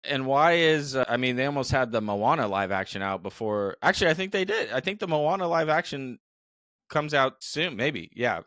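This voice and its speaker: A man's voice: mid-range voice, lively intonation, normal speed, a bit bright, no echo. A man co-hosting a casual movie podcast, joking and bluntly profane. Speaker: podcast co-host.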